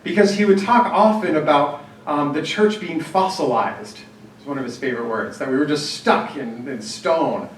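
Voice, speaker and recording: A man's voice: a little high, normal speed, a little hiss or hum. Man telling stories in an echoey hall. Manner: anecdotal, conversational, with frequent fillers and restarts. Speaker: workshop speaker on church planning. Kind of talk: storytelling talk to a live group. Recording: echoey hall, distant mic, faint ambience.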